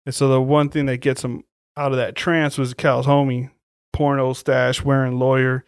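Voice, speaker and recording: A man co-hosting a casual chat, retelling movie scenes in a profane, animated way. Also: medium pitch, normal speed, clean tone, dry recording, clean studio sound. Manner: profane, animated storytelling with quoted voices. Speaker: podcast co-host.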